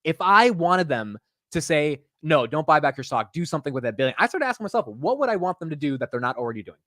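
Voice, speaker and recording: A man hosting a live market show, talking stock news in a fast, animated, slangy casual chat full of restarts. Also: a little high, dry recording, studio quality. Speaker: host.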